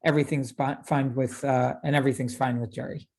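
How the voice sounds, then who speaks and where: A man's voice: mid-range voice, fairly even intonation, fairly quick, vocal fry, darkish tone, slightly rough. A man in his thirties, a rabbi giving a casual lecture, chatty and full of fillers and tag questions. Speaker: rabbi teaching a class.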